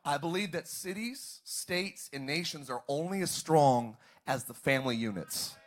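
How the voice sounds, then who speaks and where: Pastor, male, somewhat high voice, preaching with call-and-response to his congregation. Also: animated, moderate pace. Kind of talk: sermon. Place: church service, streamed online.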